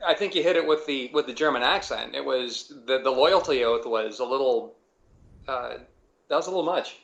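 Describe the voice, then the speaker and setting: A man's voice: mid-range voice, normal speed, creaky, a bit bright, highs cut off. A man sitting in as guest co-host on a talk radio show, laid-back and a little hesitant in his banter.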